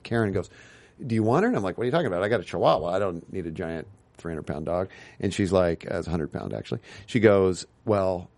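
A man's voice: low voice, darkish tone. A man guest in a casual interview, telling rambling anecdotes full of tangents and acted-out quotes. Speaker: guest, TV writer and producer.

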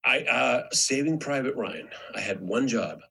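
A man's voice: mid-range voice, unhurried, vocal fry, slightly rough, low-quality recording. A middle-aged man, a guest actor, telling stories in a casual podcast chat and acting out the quotes in them. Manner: animated storyteller, acts out quotes.

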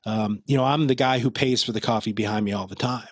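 A man's voice: on the low side, fast talker, no room sound, clean studio sound. Earnest, upbeat middle-aged man. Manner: earnest, upbeat, casual asides. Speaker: podcast guest. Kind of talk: interview talk.

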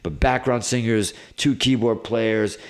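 A middle-aged man, a guest guitarist, telling stories in a casual interview, rambling and animated with lots of "like"s. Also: mid-range voice, a little slow, clean tone. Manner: animated, rambling, filler-heavy with many "like"s.

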